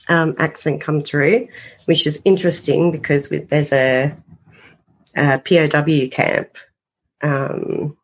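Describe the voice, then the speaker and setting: A woman speaking at an unhurried, drawn-out pace, her voice sitting a little low. She wanders through her story as a guest on a casual interview, circling back and leaning on filler words as she goes. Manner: rambling, full of "you know" fillers. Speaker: paranormal investigator guest.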